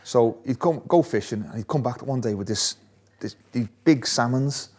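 A man's voice: mid-range voice, normal speed, a little mellow, slightly rough. A man, a former footballer, telling stories in a casual interview, laughing often. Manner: chatty, laughs often, restarts phrases.

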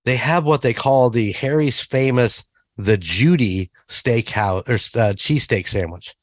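A man on a podcast talks loosely and eagerly about a restaurant he loved, his voice sitting at an ordinary middle pitch. The sound is close and dry, with no room around it. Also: unhurried, no echo. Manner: chatty, enthusiastic restaurant recommendations. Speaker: podcast co-host. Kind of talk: casual chat.

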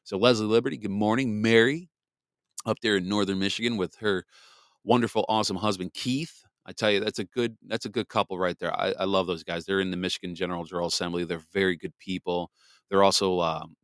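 A man's voice: sits low, fairly even intonation, a little fast, fairly bright tone, no echo, clean studio sound. A man hosting a live podcast in a rambling, chatty way, greeting listeners by name. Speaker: podcast host. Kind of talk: casual live podcast chat.

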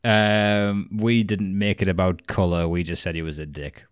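Sweary, blunt man, low voice. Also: level tone, normal speed, smooth. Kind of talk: casual chat.

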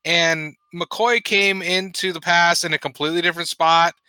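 Young woman co-host, lowish bright voice, blunt and exasperated, dry mic. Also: fairly even intonation, normal speed, dry recording. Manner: blunt, exasperated asides, swears. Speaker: podcast co-host. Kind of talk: casual chat.

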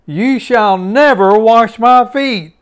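A man's voice: very high voice, takes it slowly, clear, resonant tone, pitched above the performer's own voice. A man voicing a brash, impulsive male disciple who protests emphatically in a raised voice. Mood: protesting.

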